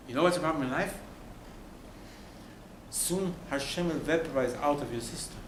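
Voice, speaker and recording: Emphatic rabbi preaching, roomy echo. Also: male voice, on the high side, normal speed, long pauses. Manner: emphatic, with rhetorical questions and sudden drops to near-whisper. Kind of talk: Torah sermon. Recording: roomy room with faint ambient noise.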